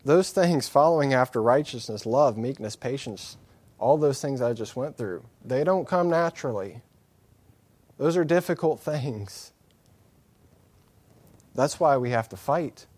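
A male preacher delivers a sermon at a mid-range pitch, earnest and candid. He hammers his points through repetition and breaks them up with wry, self-deprecating asides. The room sounds dry and close, with little reverb. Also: lively intonation, measured pace, long pauses, a little mellow.

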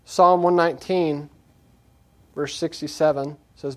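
A man preaching a sermon, moving from quiet reflection to raised, emphatic scripture reading. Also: fairly high pitch, unhurried, long pauses. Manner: earnest, repetitive exhortation.

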